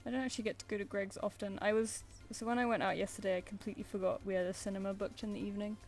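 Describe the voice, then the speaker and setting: A woman's voice: medium pitch, fairly even intonation, very fast, darkish tone. A young British woman chatting casually while she draws live commissions, cooing playfully at her pet between remarks. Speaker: streamer drawing live commissions. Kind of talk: casual chat while drawing.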